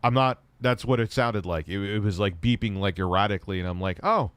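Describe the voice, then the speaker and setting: A man's voice: lowish voice, a little fast, fairly bright tone, clean tone, dry recording. A middle-aged man live streaming, rambling casually and swearing while he reads chat and shops online.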